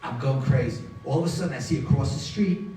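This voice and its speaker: A man's voice: medium pitch, quick pace. A middle-aged man giving a live talk, telling his own story and animatedly acting out the dialogue of the people in it. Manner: animated, acts out dialogue in voices. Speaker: guest speaker. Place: large synagogue hall. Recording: echoey hall, mic from far.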